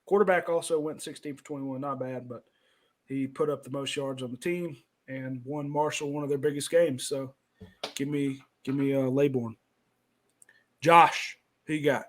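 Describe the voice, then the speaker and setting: A man's voice: medium pitch, steady tone, normal speed. A man hosting a casual sports chat, loose and rambling, stumbling over names. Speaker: podcast host.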